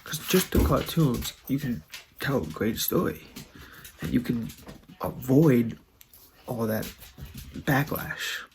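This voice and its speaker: An earnest man talks in a casual, rambling video monologue. His voice is gravelly and sits at an ordinary pitch, with clear background noise running under the recording. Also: slow pace, long pauses. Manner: earnest, heartfelt, loose and rambling. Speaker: vlogger.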